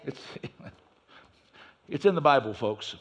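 A man preaching a sermon in church, swinging between loud emphasis and quiet asides. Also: medium pitch, expressive, takes it slowly. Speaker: pastor.

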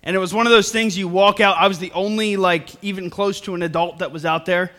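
A man's voice: high-pitched, steady tone, fast, a bit bright. A young man preaching a sermon to a congregation in church, earnest and repeating phrases for emphasis. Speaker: pastor. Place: church service before a congregation.

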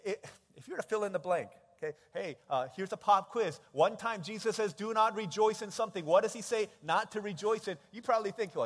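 A male pastor preaching in a church sanctuary, with a fairly high voice. He tells stories with animated energy, acting out the people in them and dropping from loud to hushed. The sound carries the long reverb of a big hall. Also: husky. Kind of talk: sermon.

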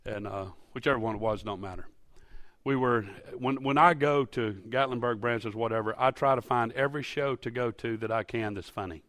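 Male pastor, mid-pitched, folksy sermon, builds to loud peaks, dry close sound. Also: brisk, dry recording. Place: church sanctuary.

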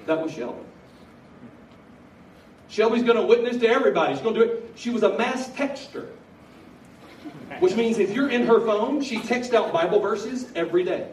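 Energetic preacher man, echoey room. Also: sits high, normal speed, long pauses, a little hiss or hum. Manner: energetic storytelling, bursts of excitement. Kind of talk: sermon. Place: large room at a college gathering. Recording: echoey room from a distance, faint ambience.

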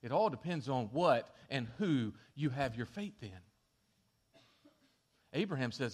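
A man preaching a sermon, telling the story with lively shifts in volume and acting out quoted lines. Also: mid-range voice, measured pace, long pauses, husky. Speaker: pastor.

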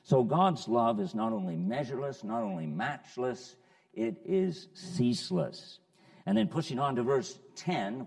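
A man teaching a Bible study lesson, working slowly through a verse and repeating key phrases, with many pauses and fillers. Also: medium pitch, vocal fry, darkish tone, long reverb tail.

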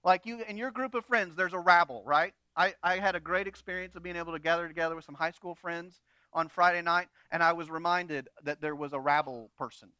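Pastor guy preaching casual and funny, high bright voice, dry close sound. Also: fairly quick, hardly any pauses, smooth, no echo. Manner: conversational, animated, with humor and asides. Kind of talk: sermon.

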